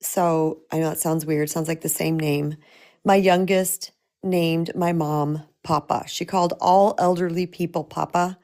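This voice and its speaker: A woman's voice: fairly low pitch, fairly even intonation, unhurried, a little mellow. A middle-aged woman, a spiritual empowerment coach, speaking in a heartfelt, personal way to viewers of a live-streamed talk, with frequent restarts.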